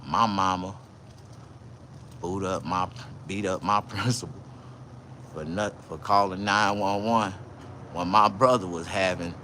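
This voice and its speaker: A man telling stories in a casual livestream, loud, profane and boisterous. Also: deep voice, steady tone, unhurried, long pauses, slight background noise. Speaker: vlogger.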